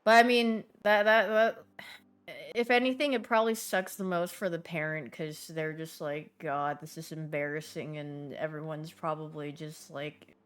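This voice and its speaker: A young woman streamer in casual chat with viewers, telling stories in a chatty, animated way and putting on voices for the people in them. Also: low voice, normal speed, clean tone.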